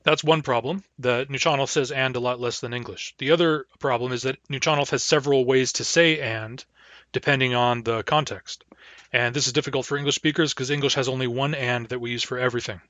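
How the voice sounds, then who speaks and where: A man giving a recorded language lecture, patiently repeating words slowly for learners. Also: medium pitch, fairly even intonation, a bit bright, dry recording. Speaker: language teacher.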